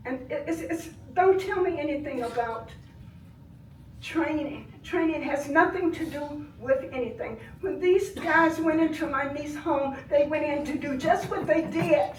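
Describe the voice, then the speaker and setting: An older woman giving impassioned public comment at a board meeting, swinging between soft grief and loud anger. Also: high voice, unhurried, slight background noise. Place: village board meeting room. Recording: echoey room, voice from far off.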